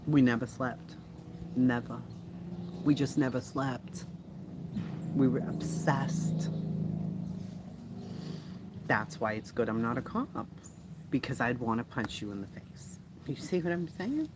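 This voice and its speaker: A blunt, foul-mouthed man hosts a casual livestream, chatting and answering viewer comments. His voice sits in an ordinary middle pitch and he laughs often. A steady hiss of background noise runs under the home stream audio. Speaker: livestream host.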